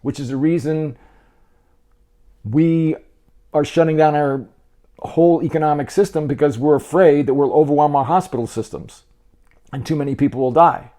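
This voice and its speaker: Chatty man with a mellow, fairly high voice. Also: moderate pace, pauses often. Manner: chatty, repeats and restarts words; encouraging, speaks straight to the viewer. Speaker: health video host. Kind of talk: casual talk to camera while eating.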